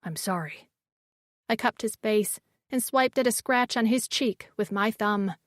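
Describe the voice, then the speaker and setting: A woman voicing a huge, gentle male alien warrior who speaks low and softly, often in a whisper, in an audiobook. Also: unhurried, no echo, clean studio sound, lightly acted. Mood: tender.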